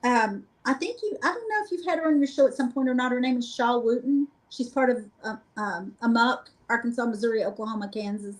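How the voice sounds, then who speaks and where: A middle-aged woman guest, telling lively, joking stories about a paranormal investigation in a casual chat. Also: fairly high pitch, brisk, few pauses, poor audio. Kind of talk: casual storytelling.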